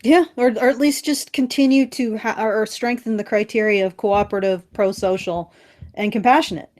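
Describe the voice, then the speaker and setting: A woman's voice: mid-range voice, moderate pace, a little mellow. A woman co-hosting a podcast in casual chat, blunt, sarcastic and profane. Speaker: podcast co-host.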